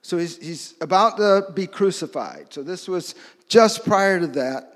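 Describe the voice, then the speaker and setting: In a sermon with a big-room sound, a man speaks in a high, animated voice without hurrying. He keeps the tone conversational, regularly putting questions to the audience.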